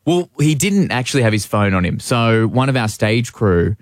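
A young man, a guest telling an animated story in casual radio chat. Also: mid-range voice, moderate pace, no room sound, clean studio sound. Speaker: guest, play director.

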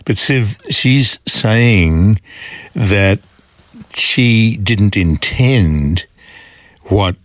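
A deep-voiced, middle-aged Australian man sits in for the regular talkback radio host, reading out listener messages and answering them. He talks in a measured way, thinking aloud with restarts. The studio sound is dry and close. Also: expressive, a bit bright, no room sound. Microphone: studio microphone.

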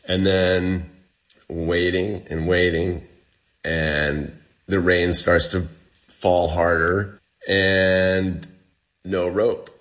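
Deep-voiced man telling a story. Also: little pitch movement, a bit bright. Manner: casual storytelling, many fillers, speeds up and slows down. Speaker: guest. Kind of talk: recounting a personal ordeal.

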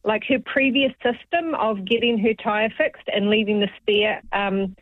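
A woman's voice: medium pitch, a little slow, dry recording, phone-quality sound. A woman calling in to a radio show, teasing the hosts with dry humor. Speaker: caller. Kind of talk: phone-in chat.

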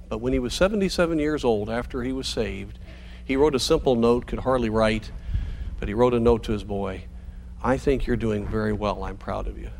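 An earnest man preaching a sermon at a steady, middle pitch. He slows down on the phrases he wants to stress. A faint room hiss sits under his voice. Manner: earnest, measured preaching with slowed emphatic phrases. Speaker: pastor.

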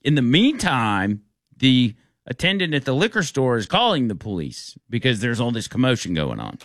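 Heard in clean studio audio with no echo, a man hosting a radio talk show spins a casual tale in a mid-range voice. He's animated and voices the characters in his story himself.

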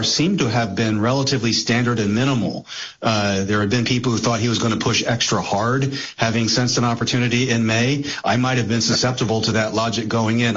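A man's voice: on the low side, fairly bright tone. A man as a guest analyst in a talk radio discussion, speaking thoughtfully with frequent hesitations. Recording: dull lo-fi broadcast audio.

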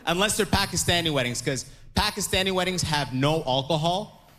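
Young man in his stand-up set, a fairly high voice, animated delivery with quoted characters. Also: fairly quick. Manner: animated, acts out quoted voices, laughs through lines. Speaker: stand-up comedian.

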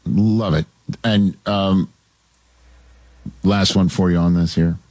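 A male interviewer with a low voice asks his questions haltingly. The recording is dry, with no room sound. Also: steady tone, a little mellow, dry recording.

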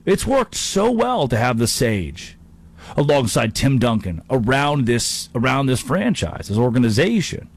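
A man hosting a sports talk show, delivering an energetic, jokey monologue with quick asides and playful impressions. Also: medium pitch. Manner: animated, jokey, slips into mock impressions. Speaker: sports talk radio host.

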